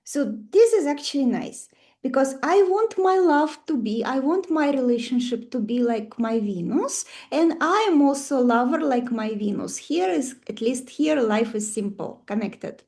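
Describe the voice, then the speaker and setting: A woman with a Russian accent teaches a live online class, chatty and full of questions for her students. Her voice sits high but has a mellow, warm tone. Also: lively intonation, normal speed. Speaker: astrology teacher.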